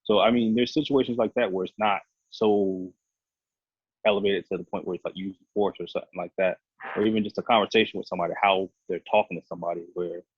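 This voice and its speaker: A police officer talking in a casual podcast discussion, explaining earnestly and rambling, with many restarts. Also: male voice, sits low, breathy edge, no echo. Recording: dry, tinny phone-like line.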